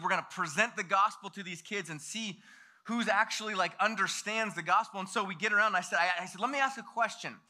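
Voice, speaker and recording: A man in his thirties preaching, telling a story in an animated way and acting out the voices of the people in it. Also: high-pitched. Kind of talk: sermon storytelling.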